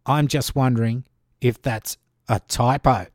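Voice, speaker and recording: A man hosting a podcast, chatting casually and rambling with dry, dark humor. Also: medium pitch, fairly even intonation, measured pace, no room sound. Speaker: podcast host.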